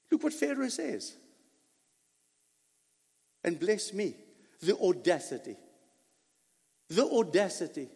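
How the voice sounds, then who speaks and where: A man preaching a dramatic first-person sermon monologue, emphatic, full of rhetorical questions and drawn-out words. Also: high voice, darkish tone, breathy edge, long reverb tail.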